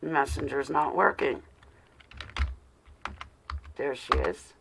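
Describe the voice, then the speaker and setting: A woman's voice: low voice, takes it slowly, creaky, pauses often, husky. A woman hosting a casual livestream, chatting to her viewers and muttering to herself as she looks for something. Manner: flustered, talks to herself while searching; affectionate shout-outs to viewers. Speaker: livestream host.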